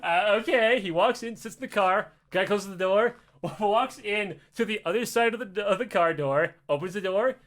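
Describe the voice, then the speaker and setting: A man's voice: high voice, moderate pace, few pauses, a bit bright. A man casually telling a comic story, swearing often and acting out the voices with laughs. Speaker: podcast host telling a story.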